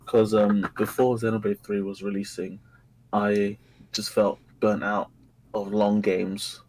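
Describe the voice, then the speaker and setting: A man's voice: lowish voice, level tone, unhurried, a little mellow, rough recording. Man, caller, eager, emphatic, faint background noise. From East London. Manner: enthusiastic, emphatic about favourite games. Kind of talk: casual chat.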